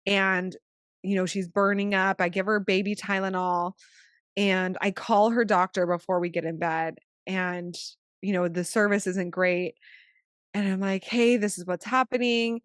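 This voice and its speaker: A chatty woman telling a story on a podcast, leaning on "like" constantly and swinging between hushed tones and excited bursts. Her voice sits at an ordinary middle pitch. The sound is dry and close, with no room echo. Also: measured pace. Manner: chatty, fills speech with "like"; animated, shifting from hushed to excited. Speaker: podcast co-host; new mother. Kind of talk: casual storytelling.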